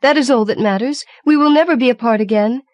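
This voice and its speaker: A woman voices a devoted young woman in a storybook fantasy, her voice lifted higher and urgent. She pleads and presses, anxious for the man she loves, in a dry close recording. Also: quick pace, no room sound, dull audio, lightly acted.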